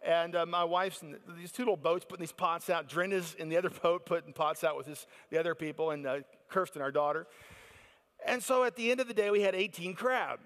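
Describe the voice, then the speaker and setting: A middle-aged American man telling a lively story at a faith conference, acting out the excited voices of the people in it. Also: on the high side, brisk, long reverb tail. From United States. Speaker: conference speaker. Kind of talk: storytelling sermon.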